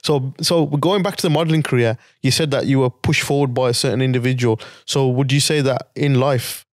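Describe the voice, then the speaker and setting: A man hosting a podcast, asking his guest questions in a relaxed, joking way. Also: medium pitch, fairly quick, dry recording, studio quality. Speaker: podcast host, boxing coach. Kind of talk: interview questions.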